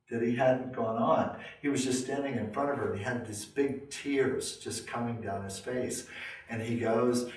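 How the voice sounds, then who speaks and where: A man's voice: mid-range voice, slight background noise. A man lecturing to a class, telling a long story in a rambling way, with many fillers and restarts. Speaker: lecturer and teacher. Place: lecture room. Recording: roomy, distant room mic.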